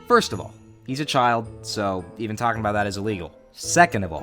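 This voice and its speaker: A man's voice: mid-range voice, lively intonation, fairly quick, fairly bright tone, faint music behind. Dramatic young male video host. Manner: dramatic, outraged exclamations. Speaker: YouTube host. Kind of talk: reaction video narration.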